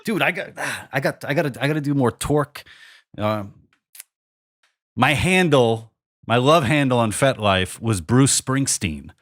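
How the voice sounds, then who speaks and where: A man's voice: mid-range voice, animated, measured pace, fairly bright tone, dry recording, clean studio sound. A man in his thirties hosting a podcast, rambling and joking at his own expense with many restarts. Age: 30s. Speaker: podcast host. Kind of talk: casual comedic conversation.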